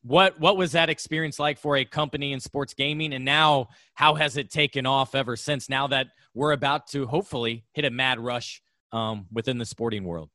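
A male podcast host asks questions conversationally. His voice is bright and forward, and the recording is dry and close. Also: mid-range voice, normal speed, no room sound. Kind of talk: podcast interview.

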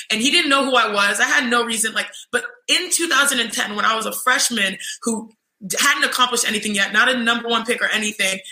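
A young woman telling an animated story in casual chat, acting out other people's voices in quotes. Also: a little high. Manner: lively, mimics voices in quotes, says "you know what I'm saying". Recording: roomy echo.

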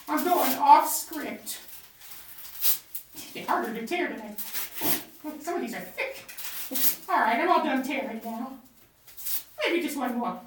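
A man's voice: extremely high pitch, a bit bright, a little hiss or hum, heavily acted. A man playing a bumbling, boastful male political candidate in an improvised comedy bit, rambling and brash. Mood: blustering. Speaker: candidate at a press event. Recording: echoey room, distant mic.

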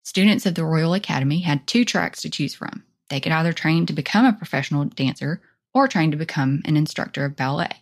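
Deep-voiced woman podcast co-host. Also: fairly quick, few pauses. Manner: relaxed, thinking aloud with fillers. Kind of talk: true-crime narration and casual chat.

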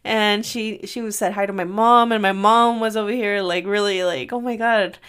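A woman's voice: mid-range voice, fairly even intonation, moderate pace, a bit bright, clean tone. A young adult woman hosting a casual solo podcast from her room, telling stories in a chatty way and often laughing. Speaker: podcast host.

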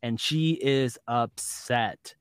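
A man's voice: medium pitch, extremely slow, clear, resonant tone, no room sound. A man co-hosting a podcast, recapping an episode in casual chat and acting out the lines he quotes. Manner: animated storyteller, acts out quotes and laughs often. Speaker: podcast co-host.

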